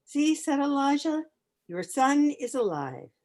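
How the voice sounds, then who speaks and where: A woman in a study class reading Bible verses aloud on a video call, with lively emphasis on the quoted speech. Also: high-pitched, unhurried.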